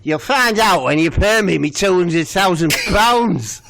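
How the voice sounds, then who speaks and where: A rude, domineering woman, as a man puts her on for a comedy podcast. She barks orders loudly and curtly in a raised, gravelly voice. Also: high voice, expressive, unhurried, a little hiss or hum, pitched above the performer's own voice, heavily acted. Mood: bossy. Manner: loud, curt, bullying.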